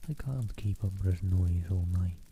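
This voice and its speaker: A man's voice: low-pitched, measured pace, slight background noise. A man voicing a tired, grumbling male dragon who is minding a baby, in a whispered role-play. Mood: weary. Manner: soft, hushed and plaintive.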